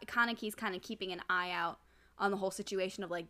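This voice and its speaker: A woman's voice: mid-range voice, steady tone, fast talker, pushed and bright. A woman co-hosting a casual podcast, retelling anime scenes with dramatic energy and frequent laughter. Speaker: podcast co-host recapping an anime. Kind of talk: casual chat.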